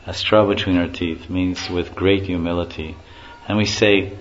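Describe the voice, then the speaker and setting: A man's voice: low-pitched, steady tone, normal speed, hardly any pauses. A man giving an informal spiritual lecture, telling stories with chuckles and acting out the quotes. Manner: storytelling, chuckling, acts out quotes. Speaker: spiritual teacher. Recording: muffled lo-fi recording with faint hiss.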